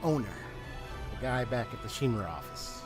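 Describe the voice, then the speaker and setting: A male gaming YouTuber gives casual let's-play commentary on his playthrough, sounding easygoing and chatty with frequent slang and laughter. His ordinary-pitched voice has lively intonation and a moderate pace, with clear game music behind it.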